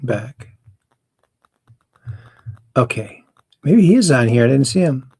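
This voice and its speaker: A man's voice: medium pitch, animated, unhurried, vocal fry, pauses often, a little mellow, husky, no room sound, studio quality. A man hosting a casual call-in livestream, chatty and rambling as he reads viewer messages aloud. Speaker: host.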